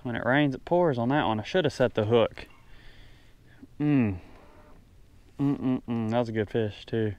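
A man narrating a casual fishing vlog from a small boat on a creek, talking excitedly to the fish and his viewers. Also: mid-range voice, measured pace, pauses often, muffled recording. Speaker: fishing vlogger. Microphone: chest-mounted action camera.

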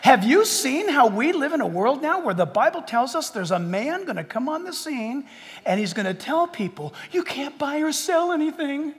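A man preaching a sermon as pastor in a large church, animated and joking, acting out people in quotes. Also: extremely high pitch, brisk, long reverb tail.

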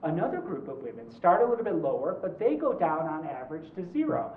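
A man in his forties, a law professor giving a conversational lecture, animated and joking, with quick asides. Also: on the high side. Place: large lecture hall. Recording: roomy, distant, dull hall recording.

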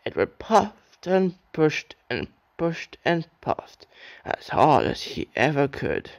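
A man's voice: on the high side, sing-song, takes it slowly, vocal fry, dry recording. A young man reading a children's railway story aloud as an amateur narrator, with occasional slips.

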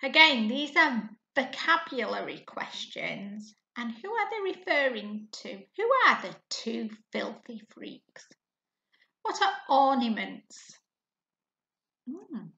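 Female primary teacher, slightly high voice, unhurried, questions to the class, echoey lo-fi room sound. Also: sing-song, pushed and bright. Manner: slow and patient, asks questions to the class; clears her throat often. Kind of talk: recorded reading lesson for pupils.

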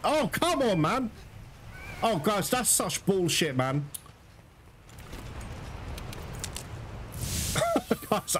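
A man's voice: high-pitched, slight background noise. A man giving live commentary while playing a video game, frustrated and swearing at the game as he talks to his viewers. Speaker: gaming channel host.

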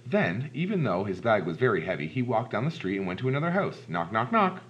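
A man reading a children's storybook aloud in an expressive, animated way. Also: lowish voice, fast talker. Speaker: storybook reader. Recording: dull lo-fi recording.

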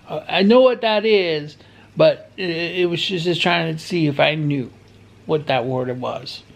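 A man's voice: high-pitched, vocal fry. A man chatting bluntly at home for his vlog, rambling and cussing, sometimes raising his voice. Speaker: vlogger. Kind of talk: casual home vlog chat.

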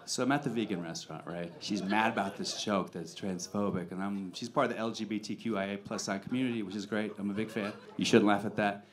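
A man's voice: on the low side, steady tone, fast talker, few pauses, crowd noise. A man doing a stand-up comedy set on a club stage, with a brash, profane, punchy delivery.

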